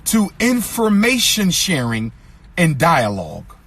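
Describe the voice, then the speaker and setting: A man giving an impassioned lecture to an audience, with a preacher-like cadence, repeating lines for emphasis and rising to shouts. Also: a little high, huge pitch swings, slow pace, slightly rough.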